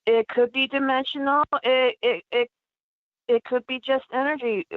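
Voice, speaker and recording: A woman's voice: sits high, fairly even intonation, dry recording. Chatty woman on a tinny phone line. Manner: halting, many restarts, chatty. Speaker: paranormal investigator guest. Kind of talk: guest on a call-in radio show. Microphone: telephone.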